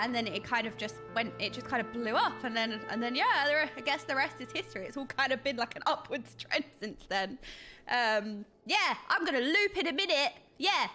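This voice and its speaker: A woman streaming a game, chatting casually in a rambling, animated way that repeats points as she goes. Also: a little high. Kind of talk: casual stream chat while gaming.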